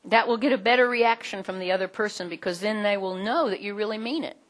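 A middle-aged woman teaching a group in a conversational way, animated, with many fillers. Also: mid-range voice, fast. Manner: animated, acts out quoted voices, frequent fillers.

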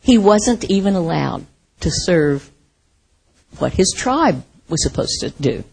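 A middle-aged American woman from the Midwest preaching a sermon in a conversational, animated way, often laughing and acting out quotes. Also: on the low side, takes it slowly, gravelly, husky, rough recording.

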